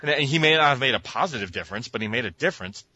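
A man's voice: medium pitch, animated, very fast, pushed and bright, breathy edge, no echo, lo-fi sound. A man co-hosting a casual podcast, telling an exasperated, profane story and acting out the voices in it. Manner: profane, exasperated, acts out voices in his stories. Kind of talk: casual chat, ranting storytelling.

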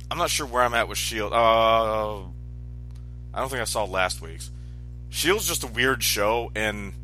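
A man's voice: fairly low pitch, pushed and bright. A man chatting casually about TV episodes with a co-host, wry and mildly critical. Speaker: podcast co-host. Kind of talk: casual TV recap chat.

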